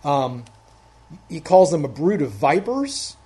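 A man's voice: on the high side, big pitch swings, takes it slowly, mellow. Methodical male pastor preaching verse by verse. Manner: methodical, walks through verses one by one. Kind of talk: expository sermon.

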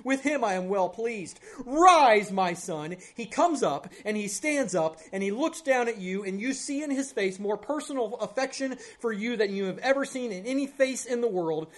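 A male pastor preaching an Easter sermon in a church service, building to loud, high climaxes, then dropping to a hushed prayer.

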